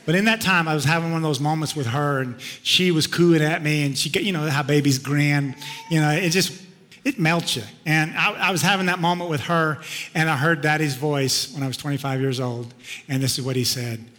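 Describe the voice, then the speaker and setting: A middle-aged man, a pastor, telling a personal story in a sermon, swinging from loud outbursts to hushed tones. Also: fairly high pitch, a little fast. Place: church sanctuary. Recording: long reverb of a large hall.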